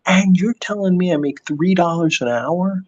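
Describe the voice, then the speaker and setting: A man's voice: high-pitched, moderate pace, highs cut off, voice pushed up. A man voicing a hardworking store clerk who firmly scolds a rude customer. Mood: scolding. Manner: firm, scolding.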